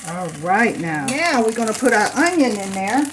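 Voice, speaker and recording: A woman hosting a home cooking demonstration, chatty and unhurried, speaking to viewers as "you guys", a little hoarse from a lingering cough. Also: fairly high pitch, very animated, noisy background. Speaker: cooking channel host.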